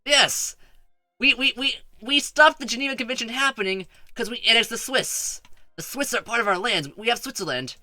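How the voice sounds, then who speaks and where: A man's voice: very high-pitched, animated, moderate pace, sharp tone, dry recording. A man streaming a strategy game, rambling and stuttering often as he chats with his viewers. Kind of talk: casual gameplay commentary.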